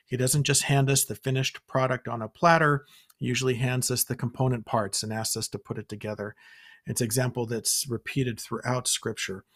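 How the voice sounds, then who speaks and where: A man at a middle pitch hosts a scripture study talk. He speaks earnestly and encouragingly, and brings the stories to life with quoted dialogue. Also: level tone, fairly quick, a bit bright. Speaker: podcast host.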